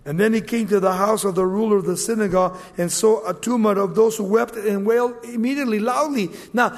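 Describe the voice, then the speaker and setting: A man preaching a sermon, animated, acting out scripture scenes in quoted voices. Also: high-pitched. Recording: long hall reverb.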